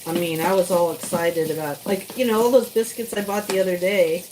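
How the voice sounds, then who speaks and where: A live-stream cooking host chats casually with her viewers while she cooks, now and then stepping away from the mic. Her voice is on the low side, steady, and brisk, with noise in the background.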